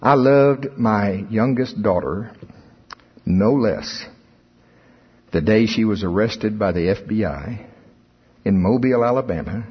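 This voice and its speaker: A middle-aged preacher, delivering an animated sermon that rises into emphatic outbursts. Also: male voice, on the low side. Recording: husky voice in a long-reverb hall, dull sound.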